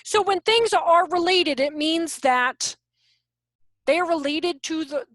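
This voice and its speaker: A high-pitched woman talks through a parenting workshop over a video call, chatty and loose, slipping into little acted-out voices of parents and kids. The sound is close and dry, with no room echo. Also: slow pace, fairly bright tone. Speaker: workshop presenter on parenting and teaching. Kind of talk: casual online workshop talk.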